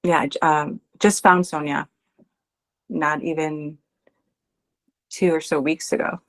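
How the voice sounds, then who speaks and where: A woman guest, nervous and excited, talking in halting bursts before her session. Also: low-pitched. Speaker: session participant. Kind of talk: casual chat.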